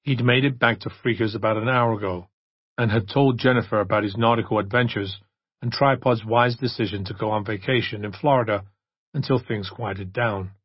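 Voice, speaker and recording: A man reading an audiobook in steady scripted narration, on a dry, dull recording. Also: fairly low pitch, moderate pace, slightly rough, no echo.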